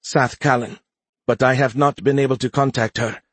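A man's voice: fairly even intonation, normal speed, husky, no echo, lightly acted. A man voicing a frightened young female alien engineering cadet, with a raised, tense delivery. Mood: anxious. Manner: higher, tense, anxious.

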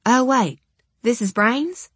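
A woman voicing a feisty, foul-mouthed young zombie woman in an audiobook, her character voice pitched above her own. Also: lively intonation, slow, breathy edge, no echo, heavily acted. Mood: wary. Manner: foul-mouthed, hot-tempered.

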